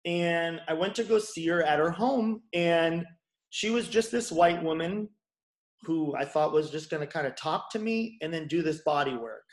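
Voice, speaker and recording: A man's voice: on the high side, roomy sound. A man in his forties, a chiropractor and bodyworker, telling his story frankly in an interview and swearing casually. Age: 40s.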